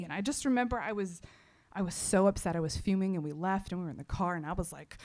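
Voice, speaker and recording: Before a church audience, a fast-talking woman from Texas with a mid-range voice recounts her personal testimony. It's lively, laced with fillers and lines of her own self-talk.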